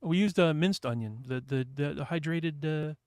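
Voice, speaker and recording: A man's voice: on the high side, moderate pace, a little mellow, dry recording, clean studio sound. A man from New Hampshire hosting a casual livestream chat, rambling and reading viewers' messages aloud. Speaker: livestream host.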